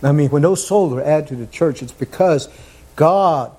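Fervent high-voiced male preacher. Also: normal speed. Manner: fervent, building to shouts. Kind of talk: sermon. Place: church.

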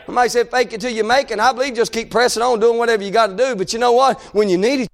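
A male preacher giving a fervent sermon, breaking into shouts and dropping to hushed tones. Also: very high voice, fairly even intonation, rapid-fire, gravelly. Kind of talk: revival sermon.

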